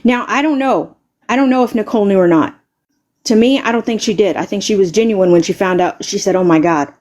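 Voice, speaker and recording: A woman's voice: mid-range voice, a little fast, a little mellow. A woman live streamer delivering an angry, confrontational rant, stammering and repeating words and swearing heavily.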